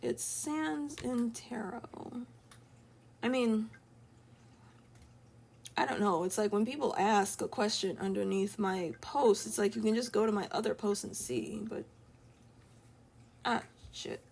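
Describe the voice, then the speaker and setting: A woman's voice: medium pitch, unhurried, vocal fry, long pauses, darkish tone. A young woman chatting casually while she draws on a live stream at home, rambling and laughing often. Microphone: streaming from an iPad.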